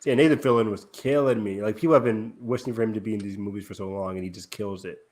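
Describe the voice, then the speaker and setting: A man's voice: fairly low pitch, fairly even intonation, quick pace, darkish tone. A man hosting a casual film review podcast, retelling scenes with lots of laughter and fillers. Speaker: podcast host.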